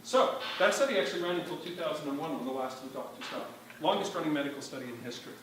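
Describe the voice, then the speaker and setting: A man's voice: a little high, animated, racing, a bit bright, a little hiss or hum. A man giving a live conference talk to an audience, emphatic and wry, often quizzing the room. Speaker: conference speaker. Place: large hall with audience. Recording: very echoey hall, distant mic.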